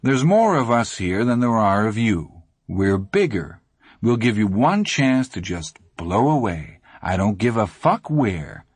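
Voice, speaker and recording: A man's voice: lowish voice, sing-song, unhurried, no room sound, exaggerated voice. A man doing a cool, menacing teen gang leader. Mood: calm menace. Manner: patient, smooth, menacing.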